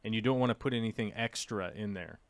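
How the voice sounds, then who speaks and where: A man hosting a casual live talk show, rambling and animated with mocking asides. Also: lowish voice, fast talker, dry recording. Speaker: podcast host.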